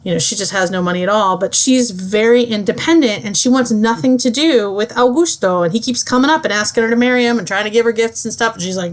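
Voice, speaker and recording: A woman's voice: mid-range voice, fairly quick. Chatty young woman summarizing a book. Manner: chatty, lots of fillers, breezy. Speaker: student.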